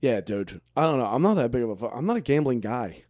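A man's voice: medium pitch, big pitch swings, fast, a little mellow, dry recording. Crude joking man in dry garage. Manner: crude, joking, swears freely. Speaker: podcast host. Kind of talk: casual chat.

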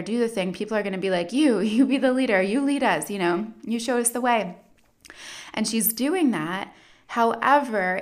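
A woman giving a casual, chatty spoken analysis, full of "like" and "you know" fillers, often slipping into quoted voices. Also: mid-range voice. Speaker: commentator analyzing a documentary.

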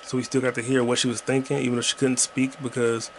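A man rambles through casual, profane commentary while he plays a video game. His pitch sits in the middle of the male range. A faint hum runs underneath. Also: little pitch movement, fast. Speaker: podcast host playing a video game.

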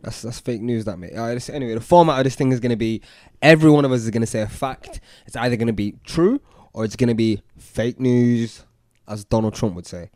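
A man talking fast in teasing podcast banter, full of slang. The sound is dry and close to the mic. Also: medium pitch, warm tone, no echo. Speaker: podcast co-host. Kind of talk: casual chat.

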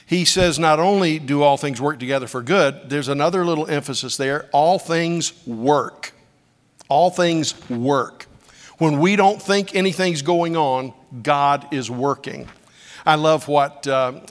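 A middle-aged male preacher delivering a sermon through story, his voice sitting a little high. He moves from soft, hushed lines to sudden loud cries. The sound carries a long reverb, like a large hall. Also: normal speed. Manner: storytelling preacher, dramatic swings between hushed and shouted.

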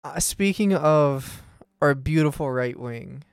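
Slow-talking podcast co-host with dry quips. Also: mid-range voice, lively intonation, gravelly, smooth, no echo. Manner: dry quips, frequent laughter. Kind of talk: casual chat.

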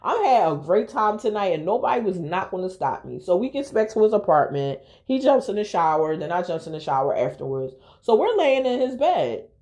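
A woman's voice: mid-range voice, big pitch swings, brisk, hardly any pauses, a little mellow. A young woman hosting a podcast, telling a personal story in a frank, profane, candid way. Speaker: podcast host.

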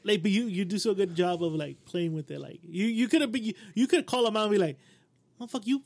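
A man co-hosting a podcast in casual chat, teasing and asking quick joking questions. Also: high-pitched, creaky, darkish tone. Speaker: podcast co-host.

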